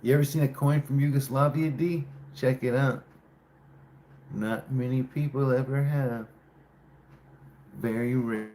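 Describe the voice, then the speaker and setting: A man hosts a relaxed livestream, talking straight to his viewers in a loose, teasing way as he tries to guess their names. His voice sits at an ordinary middle pitch. A faint hum of noise runs underneath. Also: measured pace, long pauses. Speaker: livestream host. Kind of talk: casual live-stream chat with viewers.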